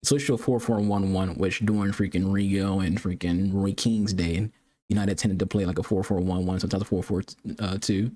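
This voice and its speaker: A man's voice: low voice, steady tone, normal speed. A man streaming a soccer video game, trash-talking opponents and rambling through casual commentary with fillers and restarts. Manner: trash-talking, taunting, swearing. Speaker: gaming streamer. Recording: loud game music behind the voice.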